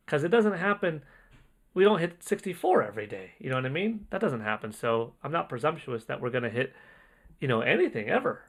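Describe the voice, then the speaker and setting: A man hosting a casual livestream, reading out donations in an excitable, rambling way and often exclaiming. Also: medium pitch, creaky. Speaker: livestream host.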